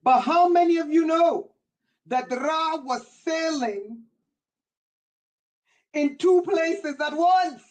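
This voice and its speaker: A woman preaching on a livestream as a spiritual teacher, impassioned and often yelling in a repetitive preaching cadence. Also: high-pitched, slow pace, long pauses, low-quality recording. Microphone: livestream setup.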